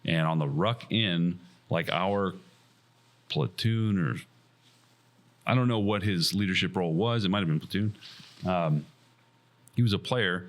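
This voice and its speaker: An easygoing man with a low voice chats on a casual podcast. He agrees readily and laughs often. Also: measured pace, pauses often. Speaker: podcast co-host.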